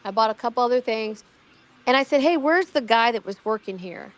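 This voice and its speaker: A middle-aged woman, guest in a casual conversation, recounts her own amateur investigation fairly quickly, her slightly high voice full of lively intonation. The story rambles, as she repeats words, restarts sentences and quotes other people.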